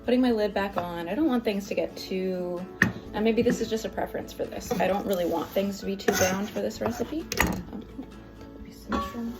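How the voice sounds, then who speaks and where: A woman's voice: medium pitch, fairly quick. A woman hosting a casual home cooking vlog, chatting and rambling through the steps with lots of fillers and asides. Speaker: cooking channel host. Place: home kitchen. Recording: music in the background.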